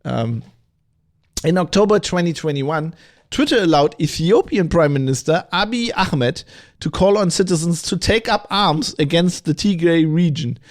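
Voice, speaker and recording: A man hosts his own podcast, thinking out loud in long, rambling stretches. He restarts his sentences often and jumps between asides. His voice sits slightly higher than most men's. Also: moderate pace. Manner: rambling, animated, with frequent restarts and laughs. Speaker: podcast host. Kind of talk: opinionated solo podcast talk.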